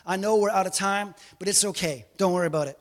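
A man preaching a sermon as pastor, animated, with joking asides and bursts of raised emphasis. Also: sits high, fast talker, in a large hall.

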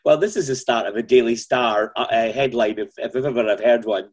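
A man's voice: medium pitch, brisk. A male interviewer in a casual chat, asking playful, teasing questions.

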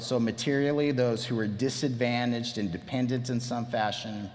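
A man preaching a sermon as pastor, emphatic and animated, often restarting his phrases. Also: mid-range voice, normal speed, few pauses, big-room sound.

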